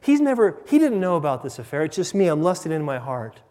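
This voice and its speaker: A man's voice: a little high, sing-song, darkish tone. A man voicing a distraught woman flustered as she confesses in church. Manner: flustered, rushed denials. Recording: long hall reverb.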